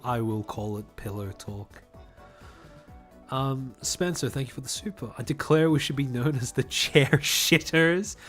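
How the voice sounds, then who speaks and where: A young Australian man with a polished accent chats casually on a livestream and reads chat, his voice medium in pitch with a fairly bright tone. He rambles, laughs often, repeats words when starting sentences, and enunciates crisply.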